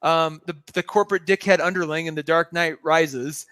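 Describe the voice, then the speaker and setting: A man with a notably high voice chats excitedly on a podcast, riffing and animated. The sound is dry and close to the mic. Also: moderate pace, smooth, dry recording. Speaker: podcast co-host. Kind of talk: casual chat.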